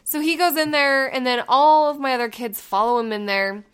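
A woman in her thirties, a mother telling a story in casual chat, animated and laughing often. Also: high voice, normal speed, smooth.

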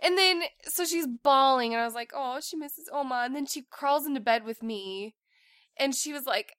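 A woman chatting casually with her co-host about family life, telling stories with animated delivery and acting out her kids' lines. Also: high voice, normal speed, dry recording, studio quality. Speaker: co-host, parent.

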